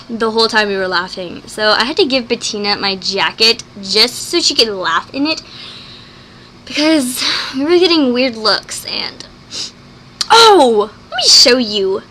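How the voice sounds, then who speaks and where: A woman chatting in a casual vlog, talking fast and gushing, with plenty of "like" and acted-out quotes. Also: a little high, a little hiss or hum. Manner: excitable, acts out quoted lines. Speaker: vlogger. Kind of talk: casual vlog chat reviewing a movie.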